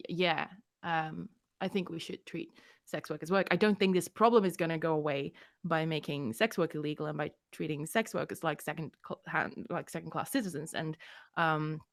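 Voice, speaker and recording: A woman's voice: lowish voice, fairly bright tone. A woman hosting a casual livestream chat, talking hesitantly with lots of fillers and restarts, blunt and a bit tipsy. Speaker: host.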